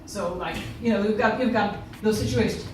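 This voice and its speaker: On a comedy club stage, a Polish woman with a Polish accent performs stand-up, acting out other people's lines as she tells stories. Her medium-pitched voice is fairly quick and darkish, recorded from far off in an echoey room.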